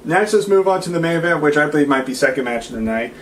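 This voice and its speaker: A man's voice: fairly high pitch, animated, quick pace, slight background noise. A man co-hosting a casual wrestling review, rambling and hesitant as he sums up the matches. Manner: rambling, hesitant, with fillers and restarts. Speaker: wrestling show co-host. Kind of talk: casual chat.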